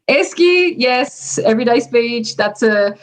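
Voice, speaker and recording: A woman's voice: on the high side, expressive, slow, low-quality recording. An Australian woman casually explaining slang expressions, chatty and laughing often between words.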